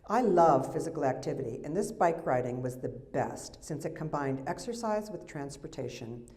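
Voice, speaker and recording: A woman's voice: deep voice, lively intonation, moderate pace, dark tone. A woman in her sixties from the United States, a memoir author reading aloud to an audience into a microphone, adding wry, chatty asides between passages. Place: festival reading event.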